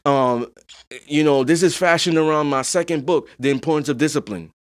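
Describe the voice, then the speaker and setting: Speaking at a normal speed in a fairly high voice, a man hosts a podcast as a casual monologue. He swears freely, talks bluntly with emphasis, and repeatedly checks in with "you know what I'm saying."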